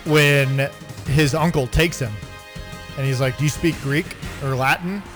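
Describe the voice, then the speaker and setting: Deadpan male co-host, slightly high voice. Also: a little slow, in a large hall, music in the background. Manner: dry, deadpan joking. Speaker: radio show co-host. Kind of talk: casual banter.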